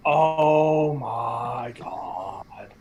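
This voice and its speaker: Man player, slow and stammering, nervous humor. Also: mid-range voice, darkish tone. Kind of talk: casual tabletop play.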